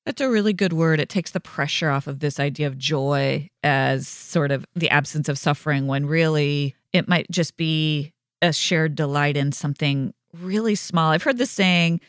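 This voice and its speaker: A woman's voice: sits low, normal speed, few pauses, no room sound, studio quality. A woman hosting a podcast, asking reflective questions in an affirming conversational way. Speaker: podcast host. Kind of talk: conversational interview.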